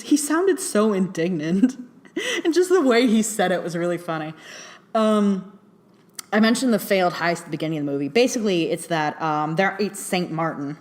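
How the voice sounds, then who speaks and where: A woman with a fairly low voice talks through a film review in a loose, chatty way. She fills her sentences with "like" and "um", laughs easily, and drops casual swears while retelling scenes. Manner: chatty, laughing often, heavy use of "like" and "um" fillers.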